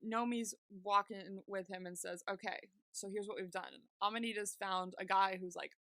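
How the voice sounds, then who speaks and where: A woman's voice: medium pitch, steady tone, moderate pace, pushed and bright, no echo. A woman co-hosting a podcast, retelling TV scenes in casual chat and acting out the characters' lines with frequent laughter. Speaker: podcast co-host.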